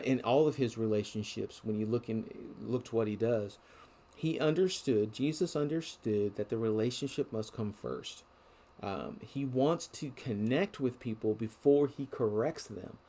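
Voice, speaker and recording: A man's voice: medium pitch, measured pace, mellow. A middle-aged man preaching a sermon in an earnest, conversational way, restarting phrases often.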